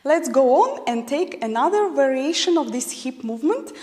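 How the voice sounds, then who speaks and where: A woman's voice: high voice, animated, warm tone. A woman teaching a belly dance technique, a non-native English speaker counting beats and calling moves. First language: not English. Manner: counts beats aloud, slow deliberate cueing. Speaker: dance instructor. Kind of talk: instructional dance class. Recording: long reverb in a large room.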